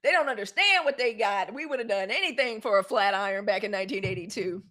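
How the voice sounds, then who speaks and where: A woman's voice: medium pitch, lively intonation, fast talker, a bit bright. A woman in her fifties from Mississippi with a Southern accent, hosting a casual live news stream and chatting straight to her viewers. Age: 50s. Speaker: live news show host.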